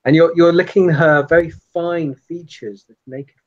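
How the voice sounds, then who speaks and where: A man narrating as game master of a tabletop game, unhurried and descriptive. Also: a little high, steady tone, darkish tone, muffled recording.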